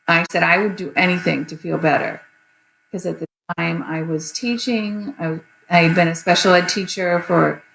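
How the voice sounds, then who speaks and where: A woman in her fifties, a guest on an interview show, telling a personal story candidly with many pauses and fillers. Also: lowish voice, gravelly, a bit bright. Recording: echoey room with faint noise.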